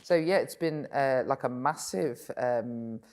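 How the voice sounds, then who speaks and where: A woman's voice: extremely low pitch, slow pace, darkish tone. Frank woman with a Birmingham accent. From England. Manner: frank, chatty, laughs easily. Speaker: politician guest. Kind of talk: onstage conversation.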